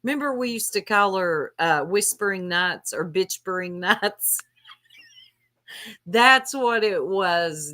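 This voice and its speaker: A woman's voice: medium pitch, lively intonation, slow pace, pushed and bright. A woman hosting a casual gossip chat, laughing often and reading chat names aloud. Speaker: stream host.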